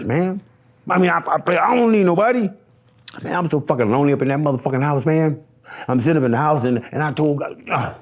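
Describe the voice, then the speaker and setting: Husky man, raw confessional storytelling. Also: medium pitch. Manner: raw and emotional, swinging from hushed near-whispers to raised animated storytelling; profane and repetitive, restarting phrases. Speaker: interviewee. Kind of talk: confessional interview monologue.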